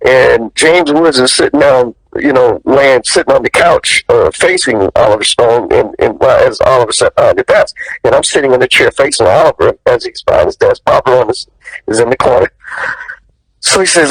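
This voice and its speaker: A male actor telling stories as an interview guest, lively and profane, jumping up in pitch when he quotes people. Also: moderate pace, slightly rough, dry recording, poor audio. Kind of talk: animated storytelling in an interview.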